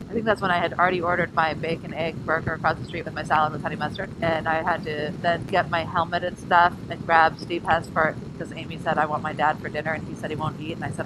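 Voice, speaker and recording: Tired, goofy woman vlogger on a scooter; wind-blasted helmet mic. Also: on the low side. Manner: playful, silly, jumps between jokes and emotion. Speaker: motorcycle rally vlogger. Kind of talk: casual rambling vlog. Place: riding outdoors on a scooter. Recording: loud wind noise.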